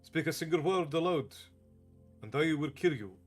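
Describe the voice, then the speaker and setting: Harsh cold slaver voiced by a man, menacing whisper, fairly high voice, faint music behind. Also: expressive, normal speed.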